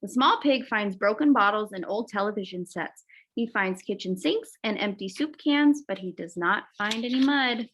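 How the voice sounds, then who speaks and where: A woman teacher reading a children's picture book aloud, expressive, adding little asides to young listeners. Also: medium pitch, moderate pace. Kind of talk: children's storybook read-aloud.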